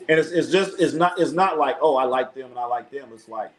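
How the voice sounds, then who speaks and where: A man's voice: mid-range voice, fairly quick, rough recording. A man from Los Angeles hosting a live sports show, talking in a loose, profane, trash-talking way. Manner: animated, profane trash talk. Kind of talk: casual live sports chat.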